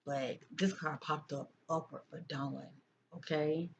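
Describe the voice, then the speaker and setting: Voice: mid-range voice, fairly even intonation, slow, creaky. Tarot reader who keeps asking "okay?". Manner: keeps checking in with "okay?" and repeats phrases. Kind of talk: casual tarot card reading. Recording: dull lo-fi sound with faint noise.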